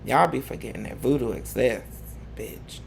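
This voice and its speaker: A man's voice: medium pitch, moderate pace, vocal fry, a little hiss or hum. A man hosting a live gossip commentary show, talking in a sassy, campy way full of drawled slang. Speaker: host.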